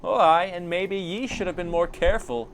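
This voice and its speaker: A man's voice: high-pitched, moderate pace, slight background noise, pitched above the performer's own voice, lightly acted. A man voicing a sneering young thief girl. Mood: scornful. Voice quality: put-on folksy dialect, clipped and snappy. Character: female thief girl, sharp-tongued and scornful.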